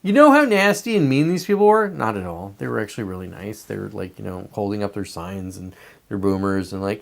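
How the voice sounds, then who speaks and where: A man's voice: fairly low pitch, lively intonation, fairly quick, creaky. A man hosting a show, delivering a blunt, profanity-laced political commentary monologue. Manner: profane, emphatic ranting. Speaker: podcast host.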